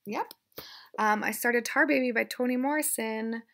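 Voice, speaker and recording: Gravelly bright-voiced young woman chatting. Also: a little high, normal speed, slight background noise. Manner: rambling, self-deprecating, chatty. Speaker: book vlogger. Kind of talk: casual chat.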